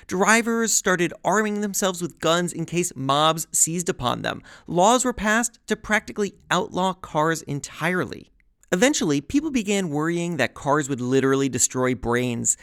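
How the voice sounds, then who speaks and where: A man hosting a scripted podcast, narrating with a lively, wry, chatty delivery. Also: high-pitched, a little fast, soft background music. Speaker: podcast host.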